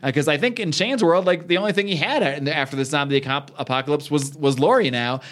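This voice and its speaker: A man's voice: on the high side, quick pace, a bit bright. A man co-hosting a podcast, casually retelling a comic and acting out the characters' lines, laughing often. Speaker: podcast co-host recapping a comic. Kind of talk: casual chat, retelling a comic with acted quotes.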